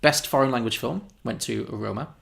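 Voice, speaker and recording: A man co-hosts a film podcast, chatting casually and rambling, often correcting himself and chuckling. His medium-pitched voice is creaky and fairly bright, and he talks a little fast.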